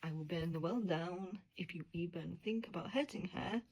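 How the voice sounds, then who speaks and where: A man's voice: sits high, moderate pace, a little mellow, rough recording. A woman quoting a protective alpha male love interest, possessive and dismissive.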